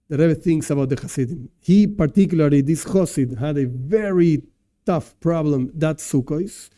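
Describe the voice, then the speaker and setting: A man lecturing as a rabbi, his voice sitting a bit high yet sounding very dark and mellow. He teaches from slides in a loose, conversational way, tossing in "whatever" and repeating himself, and chuckles at his own examples. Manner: casual and repetitive, peppered with "whatever" and "et cetera".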